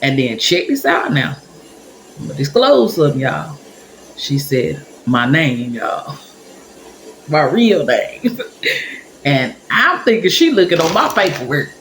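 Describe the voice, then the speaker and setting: A woman telling a personal story straight to her viewers in a casual, animated way, acting out what people said. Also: low-pitched, a little slow, pauses often, echoey room, a little hiss or hum, low-quality recording. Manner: animated, talks to viewers directly and acts out quotes. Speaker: storyteller vlogger.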